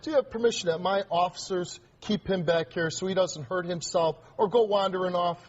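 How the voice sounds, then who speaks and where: A man's voice: high voice, steady tone, a little fast, lo-fi sound, a little hiss or hum. A man hosting a confrontational talk show on a TV studio stage, scolding and commanding a teenage guest.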